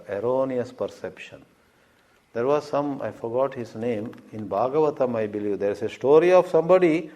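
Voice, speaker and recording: Male spiritual teacher, mid-pitched, lively storyteller who chuckles now and then.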